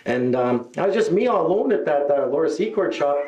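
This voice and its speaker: A man doing stand-up in an echoey live room. His voice sits fairly high for a man. He tells his story in a chatty, rambling way and pushes his voice up when he quotes people. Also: lively intonation, a little fast, darkish tone, muffled recording. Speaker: stand-up comedian. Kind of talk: stand-up comedy set. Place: live show venue.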